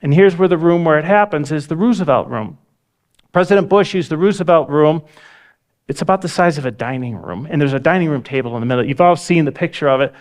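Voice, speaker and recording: A man's voice: fairly high pitch, fast. Man telling a tense story on stage. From United States. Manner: vivid, acts out quoted dialogue. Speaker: speaker. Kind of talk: storytelling talk. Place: lecture hall.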